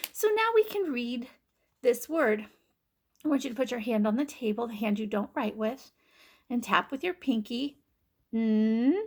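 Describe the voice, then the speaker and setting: A woman teaching a recorded kindergarten phonics lesson, patiently sounding out letters and syllables for young children. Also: sits high.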